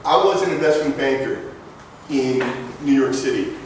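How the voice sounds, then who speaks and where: A man's voice: mid-range voice, normal speed, a little hiss or hum. Brief: middle-aged male speaker, mid-range voice, chatty anecdotal lecture style, distant echoey room sound. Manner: conversational storytelling with asides and jokes. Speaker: guest lecturer. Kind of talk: presentation to students. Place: large lecture hall. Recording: echoey hall from far off.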